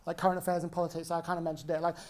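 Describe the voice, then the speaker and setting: With a lowish, darkish voice that barely shifts in pitch, this woman in her twenties delivers rapid-fire stand-up in a pub. She swears, rants, and keeps tagging lines with "right?".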